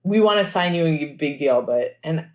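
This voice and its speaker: Animated, chatty woman with a lowish voice. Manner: animated storytelling, acts out quotes; fast and chatty, frequent "like". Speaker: musician guest. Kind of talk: casual podcast interview.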